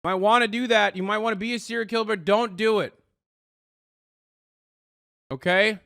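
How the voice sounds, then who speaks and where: A man's voice: sits high, creaky, no echo, studio quality, pitched above the performer's own voice, exaggerated voice. A man putting on a bumbling, fake-confident male dating guru who stumbles over filler words. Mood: mock bravado. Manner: halting, full of filler sounds, over-loud.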